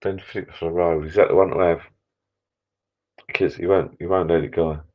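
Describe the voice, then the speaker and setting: Man, very low voice, middle-aged, rambling and tired, casual live-stream chat, dull lo-fi sound. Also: fairly even intonation, normal speed. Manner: rambling, chatty, mild swearing. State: tired, a few beers in. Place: backyard shed bar, small room indoors.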